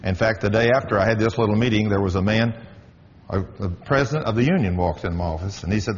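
A man's voice: lowish voice, fast. Firm middle-aged man testifying in a hall. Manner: emphatic, firm, preacherly. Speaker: workplace manager giving a testimony. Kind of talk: spoken testimony with storytelling. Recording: dull audio with long hall reverb.

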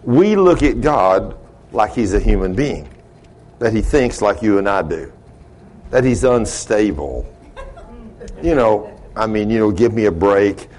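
A man preaching a sermon in a folksy storytelling way, laughing at his own stories and swinging between loud and hushed. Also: lowish voice, expressive, a little slow, pauses often, a little hiss or hum.

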